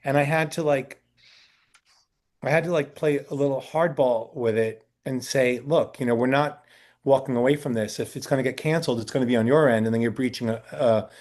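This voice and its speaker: A man's voice: medium pitch, fairly even intonation, a little fast, darkish tone. Chatty male talent agent telling stories. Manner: chatty storytelling, acting out quoted people; frequent fillers and restarts. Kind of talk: casual interview answers. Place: indoor sit-down interview.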